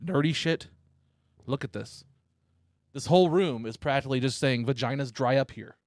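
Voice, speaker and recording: A man hosting a casual podcast, telling crude stories loudly and teasing his guest. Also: mid-range voice, normal speed, no echo, studio quality. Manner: loud, teasing, swears a lot. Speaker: podcast host. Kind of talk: casual chat, crude storytelling. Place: room at home.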